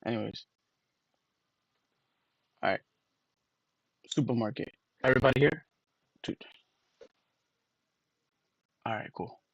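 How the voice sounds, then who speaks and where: American man, livestream chatter, spells words out slowly, swears casually, dry close sound. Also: medium pitch, dry recording, low-quality recording. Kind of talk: casual rambling stream talk.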